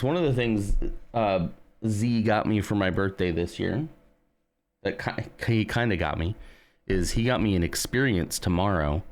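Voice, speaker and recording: Low-voiced guy streaming, just rambling casually to chat. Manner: rambling, chatty.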